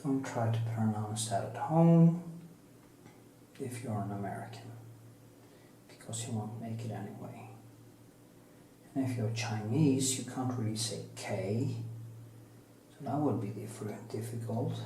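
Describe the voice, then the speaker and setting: A man's voice: on the low side, mellow, echoey room, a little hiss or hum, rough recording. A Norwegian man with a Norwegian accent, musing and joking while he paints in his studio. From Norway. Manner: slow, musing, joking asides. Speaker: painting teacher. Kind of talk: rambling talk while painting.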